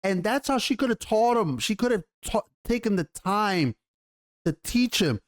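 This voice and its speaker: A man giving a casual, excited review of a TV episode, rambling and swearing casually as he goes. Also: high voice, normal speed. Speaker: TV show reviewer.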